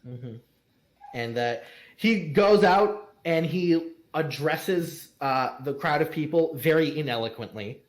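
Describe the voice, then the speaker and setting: Lively, rambling game master man. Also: fairly high pitch, slow pace, reverberant. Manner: rambling, filler-heavy narration with laughs. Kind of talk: narrating a tabletop game.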